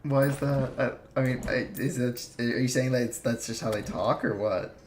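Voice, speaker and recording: A man's voice: mid-range voice, moderate pace. Rambling man with a slight Minnesota accent. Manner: rambling, many fillers and restarts. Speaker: streamer and video maker. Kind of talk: casual chat while gaming. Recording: echoey room with clear background noise.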